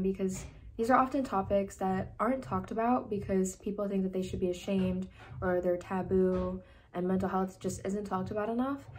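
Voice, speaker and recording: A woman's voice: mid-range voice, a little mellow, slight background noise. Earnest young woman telling her story. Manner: earnest, emotional, tearful at times. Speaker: vlogger. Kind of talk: personal story vlog. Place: indoors, seated.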